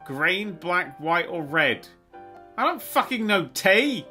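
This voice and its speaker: A sweary man commentates on a video game with sarcastic exasperation. His voice is bright and leaps up and down in pitch, sitting on the high side. Faint music plays underneath. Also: big pitch swings, slow pace. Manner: exasperated, sweary and sarcastic, often singing tunes and mocking the game. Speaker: gaming YouTuber.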